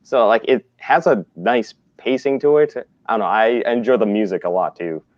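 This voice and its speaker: A man's voice: on the low side, animated, normal speed, no echo. A man, a movie critic, chatting casually on a livestream in a laid-back, rambling way. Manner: laid-back, rambling with fillers like "you know". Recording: slightly muffled lo-fi audio.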